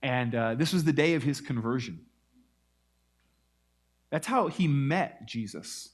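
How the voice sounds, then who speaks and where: Man, pastor, sermon, animated storytelling, acts out quotes. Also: mid-range voice, unhurried.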